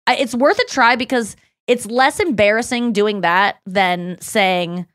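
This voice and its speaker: A woman's voice: medium pitch, measured pace, a bit bright, no room sound, clean studio sound. A woman hosting a podcast in casual chat, rambling with lots of "like" and acting out her own thoughts. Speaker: podcast host.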